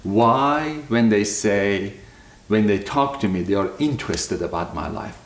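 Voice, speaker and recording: A man's voice: lowish voice, expressive, a little slow, slight background noise. A man from Iran, earnestly sharing his personal faith story in a home kitchen. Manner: earnest, passionate, slightly broken English. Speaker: guest sharing testimony. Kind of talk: personal testimony, casual storytelling. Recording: echoey room.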